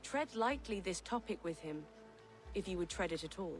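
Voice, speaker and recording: An actress voicing a gentle woman herbalist in a video game, soft-spoken and earnest. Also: on the low side, lively intonation, normal speed, soft background music, close to an everyday voice, rough recording.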